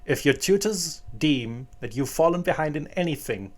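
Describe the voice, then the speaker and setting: A man voicing a cold, strict, wealthy adoptive mother, reading her lines in a sharp, clipped, commanding way. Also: a little high, animated, normal speed, voice pushed up, close to an everyday voice. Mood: stern.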